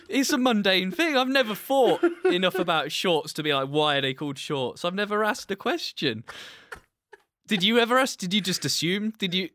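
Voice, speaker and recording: A man's voice: high-pitched, pushed and bright, dry recording. A man co-hosting a casual podcast, self-deprecating and rambling, often restarting his sentences. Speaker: podcast co-host. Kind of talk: casual chat.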